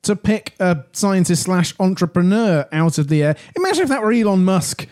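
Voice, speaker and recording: A man's voice: high-pitched, animated, moderate pace, a little mellow. A man in casual podcast chat, making sardonic, wry quips.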